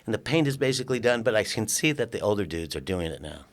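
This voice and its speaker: On a podcast, an older man from California tells a lively, laid-back story as a guest, imitating the people involved and swearing occasionally. He speaks fast, with a voice on the low side.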